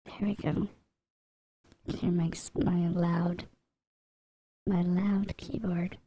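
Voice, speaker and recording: A woman streaming as she draws, chatting casually with viewers and murmuring to herself as she works. Her voice has a creaky, gravelly texture and sounds dry and close to the desk microphone. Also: lowish voice, little pitch movement, very slow, warm tone, dry recording, rough recording. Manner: chatty, answers chat, mutters to herself while drawing. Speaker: streamer drawing live. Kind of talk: casual livestream chat. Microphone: desk mic by a drawing tablet.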